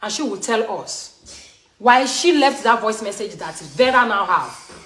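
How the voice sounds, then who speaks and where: A woman's voice: mid-range voice, animated, measured pace, a bit bright. A woman from Edo State in Nigeria with a Nigerian English accent, talking heatedly and repetitively to her viewers as a show host. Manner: emphatic, scolding, repetitive. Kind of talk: heated live talk to viewers. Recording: roomy echo.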